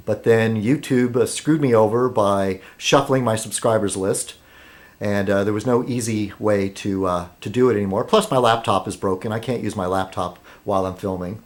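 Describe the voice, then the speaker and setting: A man's voice: on the low side, normal speed, a little mellow. An American man rambling through a casual vlog monologue, full of ums and self-deprecating asides, chewing food as he talks. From United States. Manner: meandering, filler-heavy, self-deprecating. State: talking while eating. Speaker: vlog host.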